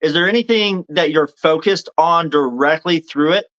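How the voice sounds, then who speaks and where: A man co-hosting a podcast, asking casual interview questions in a relaxed, slightly stumbling way. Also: a little high, normal speed, dull audio. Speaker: podcast co-host.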